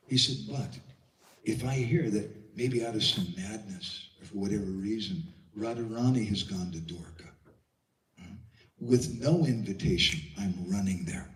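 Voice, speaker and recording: A man's voice: lowish voice, normal speed, a bit bright, roomy sound, distant mic, poor audio. A man giving a devotional lecture, telling stories with quoted voices and asking rhetorical questions. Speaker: Vaishnava speaker giving a class.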